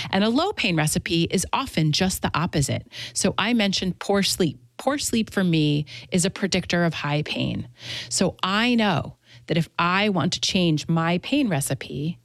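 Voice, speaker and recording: A woman who treats chronic pain, answering interview questions in a clear, earnest teaching tone. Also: lowish voice, dry recording. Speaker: pain therapist.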